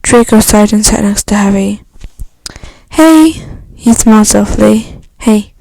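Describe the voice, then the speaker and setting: Halting woman reading a fan story. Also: mid-range voice, flat delivery, gravelly, mellow, dry recording, low-quality recording. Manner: halting reading with frequent restarts. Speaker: fan fiction reader.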